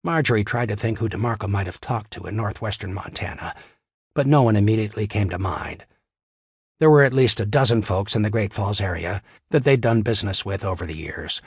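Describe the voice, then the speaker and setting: A man narrating a crime novel in a steady, wry storytelling manner on a close studio mic. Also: on the low side, husky, dry recording. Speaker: audiobook narrator. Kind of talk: scripted narration.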